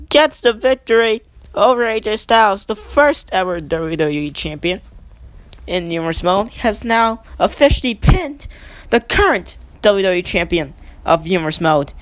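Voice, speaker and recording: Excitable woman calling wrestling play-by-play. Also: mid-range voice, moderate pace, no echo. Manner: excitable, rising sharply on pin counts, chatty asides. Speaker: gaming channel host. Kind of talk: play-by-play wrestling commentary over a video game.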